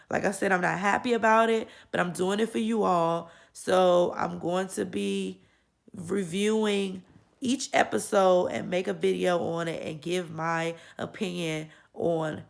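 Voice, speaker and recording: Woman vlogger getting over a cold, gravelly. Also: lowish voice. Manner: opinionated, frank, many fillers and restarts. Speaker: YouTube channel host reviewing a series. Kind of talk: casual opinion vlog.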